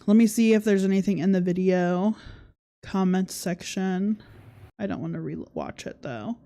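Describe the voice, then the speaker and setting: A woman's voice: mid-range voice, normal speed, warm tone. A woman hosting a casual livestream podcast, commenting sarcastically and often laughing as she talks and reads viewer comments. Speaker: podcast host.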